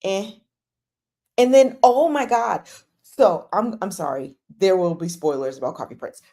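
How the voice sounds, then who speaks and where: A young woman hosts a casual live chat, her pitch swinging widely as she talks. She gushes and gets exasperated by turns, acting out her own reactions. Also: sing-song, moderate pace, warm tone.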